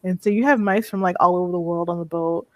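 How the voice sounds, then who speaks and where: A woman co-hosting a casual movie review chat, retelling the plot in an animated way and laughing often. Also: fairly low pitch, fast talker, dry recording. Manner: animated storytelling with frequent laughter. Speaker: co-host of a movie review show.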